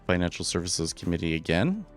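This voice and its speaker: A man's voice: low-pitched, sing-song, fairly quick, faint music behind. A man streaming live trading commentary, casual and opinionated, often repeating words as he starts a sentence. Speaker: day trader streaming live.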